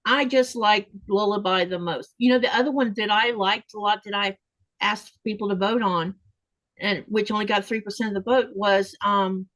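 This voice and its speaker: A woman's voice: medium pitch, steady tone, moderate pace, fairly bright tone, dry recording. An older woman hosting a casual livestream chat, greeting viewers by name. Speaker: host.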